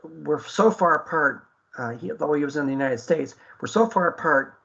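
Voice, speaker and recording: A man's voice: fairly high pitch, animated, moderate pace, gravelly, a bit bright, slightly rough, dull audio. A man hosting an internet radio talk show, speaking earnestly with many fillers and restarts.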